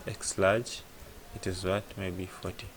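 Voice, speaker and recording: Gravelly low-voiced man teaching coding. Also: little pitch movement, a little slow, slight background noise. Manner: thinks aloud, asks "what?" and answers himself. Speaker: programming tutor. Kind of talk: casual screen-share coding lesson.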